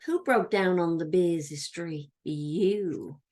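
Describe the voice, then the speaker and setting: A woman's voice: medium pitch, slow pace. A woman teacher leading a children's grammar lesson, chanting labels in question-and-answer drills and playfully quizzing herself. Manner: plays a pretend student asking herself questions.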